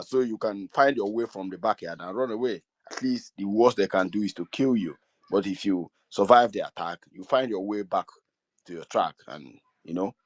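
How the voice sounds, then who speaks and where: Nigerian man, igbo, low voice, dry close sound, earnest and pleading, repeats stuff a lot. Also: dry recording. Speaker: community speaker. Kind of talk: speaking to an online meeting.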